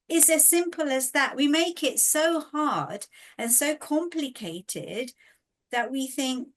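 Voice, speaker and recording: High-voiced woman panelist, earnest. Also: unhurried. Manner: earnest, animated, acts out inner dialogue. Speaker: webinar panelist. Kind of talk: reflective webinar talk. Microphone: video call.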